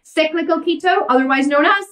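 An Irish woman fitness coach answering viewer questions in a fast, blunt, emphatic way, often asking rhetorical questions. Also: very high-pitched, fairly bright tone, recorded from a distance. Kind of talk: casual Q&A talk to camera.

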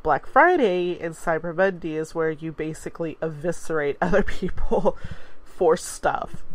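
A congested woman in her forties, a radio host chatting casually and rambling with small laughs. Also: on the low side. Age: 40s. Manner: rambling, laughs between thoughts. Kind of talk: casual chat.

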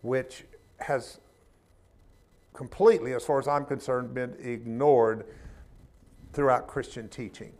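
A man's voice: mid-range voice, takes it slowly, long pauses, darkish tone. A man teaching a spiritual class in an informal sermon style, talking in a conversational, emphatic way with humorous asides.

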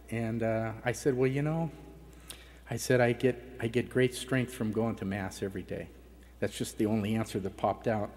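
A man's voice: on the low side, fairly even intonation, normal speed, darkish tone. Man telling a personal story in a reverberant hall. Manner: emotional, voice breaking at times. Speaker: conference speaker. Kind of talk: personal testimony talk. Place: large conference hall.

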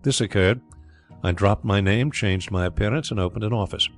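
A man voicing a proud, brisk former solicitor who talks bluntly and bristles quickly. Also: on the low side, soft background music, natural voice.

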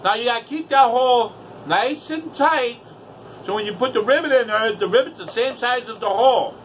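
High-voiced man, casual profane rant, exasperated storyteller. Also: moderate pace, a bit bright, a little hiss or hum, low-quality recording. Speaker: vlogger.

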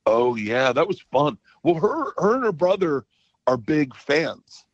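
Man, comedian guest, excitable storyteller, dry muffled line. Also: on the high side, measured pace, no room sound. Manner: excitable storyteller, loud impressions. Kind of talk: casual radio interview.

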